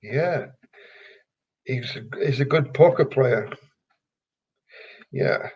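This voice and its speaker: Slow-talking older man. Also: mid-range voice, darkish tone, husky. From England. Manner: rambling, halting, many fillers and restarts. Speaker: retired pro wrestler, guest. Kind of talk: casual interview storytelling. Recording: dull lo-fi recording.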